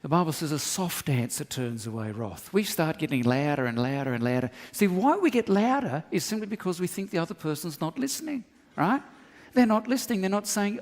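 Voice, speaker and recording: A man's voice: high-pitched, expressive, fast talker. A man preaching a sermon as pastor, joking and acting out conversations with frequent laughter. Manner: humorous, acts out dialogue, laughs often. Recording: long hall reverb.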